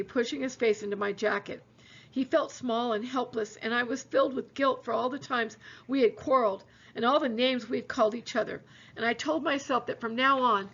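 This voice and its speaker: A woman teacher reading a novel aloud to her students in a steady storytelling way. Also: fairly high pitch, husky, highs cut off.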